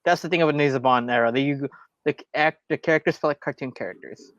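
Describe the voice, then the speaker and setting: A man's voice: mid-range voice, quick pace, fairly bright tone, dry recording, lo-fi sound. A man co-hosting a casual podcast, rambling through his points with frequent restarts. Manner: rambling, restarts often, many fillers. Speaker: podcast co-host. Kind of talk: casual show review chat.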